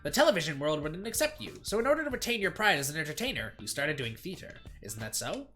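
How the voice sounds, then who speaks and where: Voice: mid-range voice, big pitch swings, fast, pushed and bright, faint music behind. A streamer voicing a cocky, brash young male journalist who talks in a smug, breezy, teasing way. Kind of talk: voicing a game character while reading aloud.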